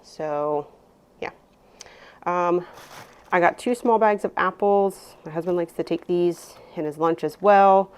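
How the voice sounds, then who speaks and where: A mother in her thirties casually narrates her grocery haul as a vlogger, with a slow, smooth voice on the low side. She's chatty and rambling, full of "um"s and asides.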